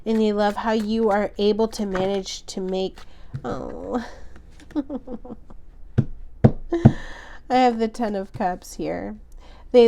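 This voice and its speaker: A woman giving a pick-a-card tarot reading, gentle and emotional, rambling with many fillers, her voice slightly worn. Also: mid-range voice, a little hiss or hum. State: losing her voice a little. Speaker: tarot reader.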